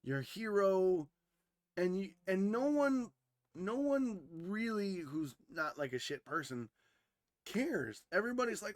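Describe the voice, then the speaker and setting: A man co-hosting a podcast, telling a story casually, animated and swearing freely, who grew up in Wisconsin. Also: high-pitched, unhurried, dry recording, studio quality. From Wisconsin, USA. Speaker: podcast co-host.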